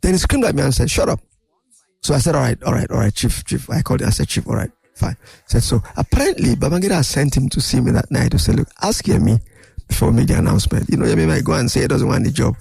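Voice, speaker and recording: An older man, a guest in an interview, telling animated anecdotes and acting out other people's voices. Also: mid-range voice, rapid-fire, creaky, breathy edge, dry recording. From Nigeria. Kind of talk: storytelling interview.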